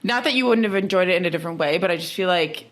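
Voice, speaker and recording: A woman's voice: fairly low pitch, racing, a bit bright. A woman co-hosting a podcast in casual chat, cheering her friend on with jokes and emphatic agreement. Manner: supportive, emphatic, jokey. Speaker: podcast co-host.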